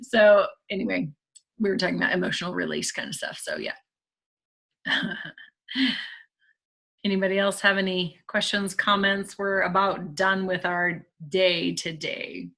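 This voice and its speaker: Bright-voiced woman hosting a video call. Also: lowish voice, fairly even intonation, unhurried, creaky. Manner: chatty, giggly. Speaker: workshop host. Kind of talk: casual group chat on a video call.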